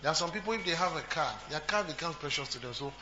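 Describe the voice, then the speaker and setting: Male pastor, sermon, chatty and repetitive; higher voice, dull humming recording. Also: animated, quick pace, sharp tone, slight background noise. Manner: repetitive, talks to the congregation, jokes and asks questions. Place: church.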